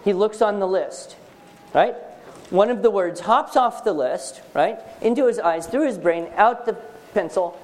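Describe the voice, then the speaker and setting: A man's voice: high-pitched, darkish tone. A man teaching a writing workshop for parents in a seminar room with a live audience. He is emphatic and joking, and he quizzes the listeners.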